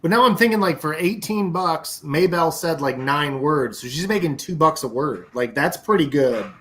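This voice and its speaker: A man's voice: a little high, expressive, fairly bright tone. Joking man with a faint hiss behind. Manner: joking banter, quick reactions. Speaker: podcast co-host. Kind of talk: casual chat.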